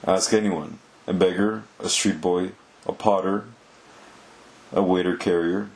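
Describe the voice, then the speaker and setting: A man voicing a blunt, streetwise female thief in his own low voice, reading a storybook aloud. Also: fairly even intonation, unhurried. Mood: warning.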